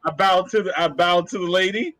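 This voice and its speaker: A man's voice: sits high, brisk, fairly bright tone, no echo. A man playing in a casual tabletop game, talking in a laid-back, blunt way.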